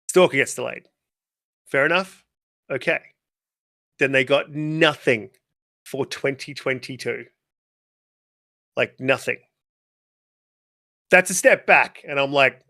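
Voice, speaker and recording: A man guest on a gaming interview show, ranting casually and swearing freely in a worked-up, animated way. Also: fairly high pitch, a little slow, pauses often, dry recording, studio quality. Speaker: guest gamer.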